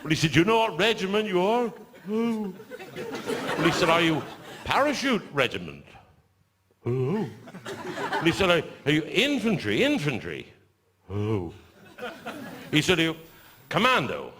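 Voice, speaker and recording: A man's voice: fairly high pitch, wildly swooping pitch, measured pace, pauses often, crowd noise. An older man with a Cornish accent, telling earthy, swear-filled comic stories on stage and putting on voices for the people in them. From Cornwall. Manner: broad earthy storytelling, swearing, acting out voices. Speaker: stand-up comedian. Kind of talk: stand-up storytelling to a live audience.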